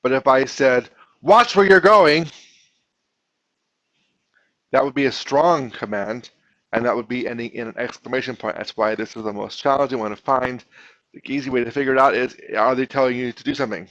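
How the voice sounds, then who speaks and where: A man's voice: medium pitch, steady tone, fast, fairly bright tone, no room sound, highs cut off. A man teaching a class, patiently explaining and often restarting his phrases. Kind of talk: classroom instruction.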